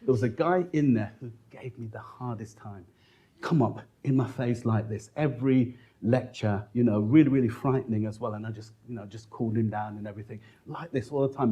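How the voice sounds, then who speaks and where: Lecturer, male, husky voice, animated storyteller in a Q&A. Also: mid-range voice, fairly quick. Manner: animated storytelling, acts out quotes, laughing asides.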